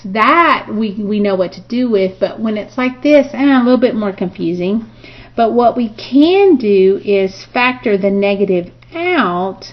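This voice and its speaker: A woman's voice: mid-range voice, dull audio. A woman teaching a math review lesson who talks through each step aloud and often checks in with "okay" and "right?". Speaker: math instructor.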